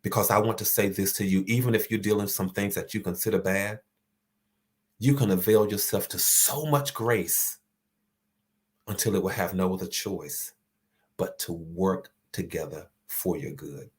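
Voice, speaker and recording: A man's voice: deep voice, fairly even intonation, moderate pace. A man hosting an inspirational talk, speaking earnestly and repeating key phrases for emphasis. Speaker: host.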